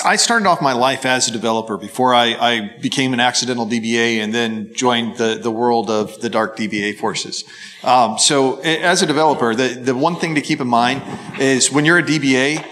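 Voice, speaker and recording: A man on a conference panel explaining calmly and at length. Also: medium pitch. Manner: calm, explanatory. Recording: reverberant conference hall.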